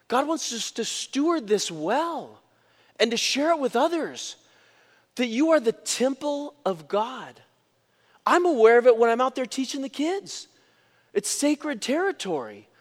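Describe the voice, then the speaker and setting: Animated male pastor preaching in a reverberant hall. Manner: animated storytelling with big swings in pitch and loudness. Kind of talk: sermon.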